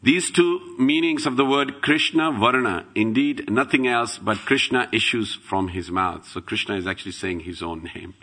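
A middle-aged man giving an animated devotional talk, swinging between loud exclamations and hushed asides, laughing as he tells stories. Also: medium pitch, moderate pace, few pauses. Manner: laughs while telling stories. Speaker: devotional speaker.

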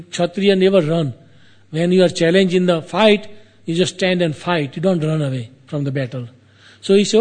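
This man's voice sits high and has a darkish tone. He recounts an epic tale in casual storytelling fashion, his phrasing loose and halting, with repeats and asides aimed at the listener.

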